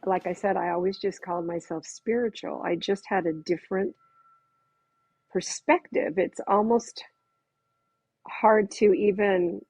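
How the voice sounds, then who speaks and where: A woman guest telling personal stories in casual conversation, animated and laughing often as she acts out her own reactions. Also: medium pitch, measured pace, creaky, pauses often, breathy edge, no echo.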